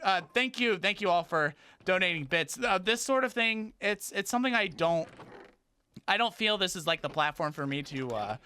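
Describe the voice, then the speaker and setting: A man streaming a video game, chatting in a rambling, halting way with many restarts and breaking into high startled yelps. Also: sharp tone, a little hiss or hum. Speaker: gaming streamer. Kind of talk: casual livestream gaming chat.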